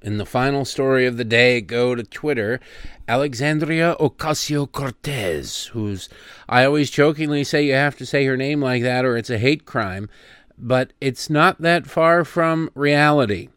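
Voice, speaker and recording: A man's voice: mid-range voice, normal speed, a bit bright, clean tone, dry recording, clean studio sound. A middle-aged man hosting political commentary, sarcastic and emphatic, with indignant outbursts.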